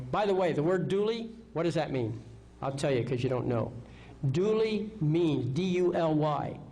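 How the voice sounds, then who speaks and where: Rhetorical questions and frequent "okay?" check-ins mark this confident man's live seminar lecture. His fairly high voice has a dark tone, captured on a rough recording.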